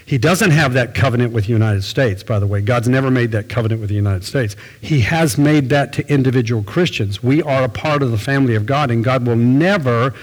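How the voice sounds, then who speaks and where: Older man, pastor, folksy sermon, medium pitch, long hall reverb. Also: fairly quick, few pauses, breathy edge. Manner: folksy, storytelling, conversational.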